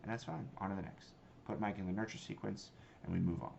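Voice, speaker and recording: Guy coaching sales, gravelly lowish voice, kinda muffled lo-fi recording. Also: fairly even intonation, fast talker, a little mellow. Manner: casual, emphatic, conversational. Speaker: sales trainer and company founder. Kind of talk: instructional talk with demo lines. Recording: slightly dull lo-fi sound, faint noise.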